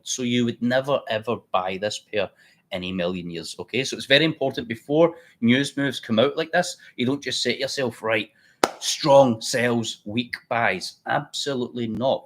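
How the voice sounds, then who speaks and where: A man's voice, on the low side and a bit bright, carries a casual live trading stream he hosts. He talks bluntly and chattily, narrating his thoughts as he trades.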